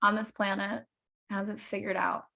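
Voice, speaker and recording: A woman's voice: mid-range voice, little pitch movement, moderate pace, creaky, pushed and bright. A young woman hosting a podcast, talking candidly and animatedly in casual conversation, swearing now and then. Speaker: podcast host.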